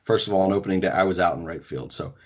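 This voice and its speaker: A young man with a deep, husky voice hosts a casual sports podcast. He talks with excited emphasis and drops the odd swear word as he goes. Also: very fast. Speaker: podcast host.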